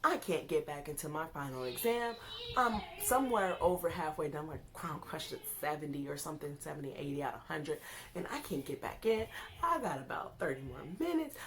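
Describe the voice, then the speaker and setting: A woman's voice: sits low, expressive, fairly quick, fairly bright tone. A young woman casually telling a story on her vlog, acting out her own panicked words as she goes.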